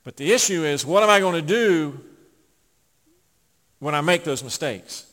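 A man preaching a sermon, swinging from loud emphatic peaks to hushed asides. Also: a little high, expressive, a little slow. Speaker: pastor. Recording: long hall reverb.

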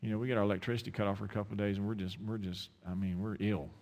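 A man with an Eastern North Carolina accent preaching a sermon, impassioned, with repeated restarts and dramatic pauses. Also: on the low side, fairly even intonation, darkish tone. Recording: long hall reverb.

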